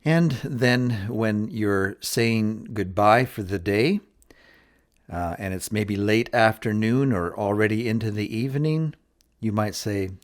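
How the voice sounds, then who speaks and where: A man teaching a beginner English lesson, saying phrases clearly and repeating them for learners to copy. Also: lowish voice, slow.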